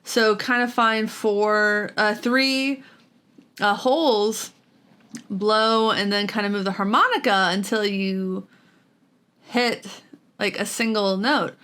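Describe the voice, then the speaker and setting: A woman's voice: medium pitch, takes it slowly, fairly bright tone, clean tone. A woman vlogging casually about guitar gear at home, chatty and self-deprecating, with lots of fillers and giggles. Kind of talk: casual chat while practicing.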